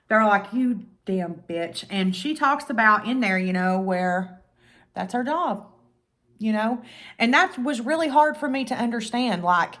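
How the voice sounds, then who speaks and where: A woman vlogger casually retelling a true-crime documentary, acting out quotes and swearing freely. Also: mid-range voice. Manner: chatty, animated retelling with acted-out quotes and swearing.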